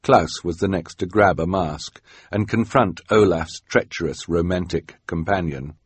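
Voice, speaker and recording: A man reads a storybook aloud with wry, expressive narration. His voice is low and husky, with lively swings in pitch. The recording is close and dry. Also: a little slow, no room sound. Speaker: audiobook narrator.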